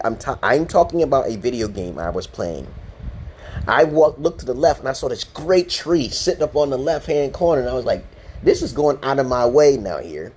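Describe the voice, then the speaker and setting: A man's voice: mid-range voice, a little mellow, husky. A man from Brooklyn, hosting a casual livestream and telling a rambling, profane story full of restarts. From Brooklyn, New York, USA. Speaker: livestream host.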